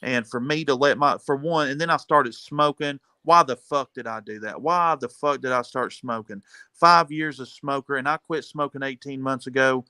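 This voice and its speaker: A man's voice: medium pitch, steady tone, moderate pace, sharp tone, clean tone, no echo. A man venting in an agitated, profane rant, calling people "dude". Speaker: caller venting on a panel show. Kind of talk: emotional rant, casual talk.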